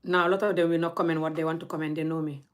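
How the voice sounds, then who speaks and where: A woman's voice: low-pitched, little pitch movement, racing. A young woman, scolding her audience in a blunt, heated rant straight to camera. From Gambia. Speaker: vlogger.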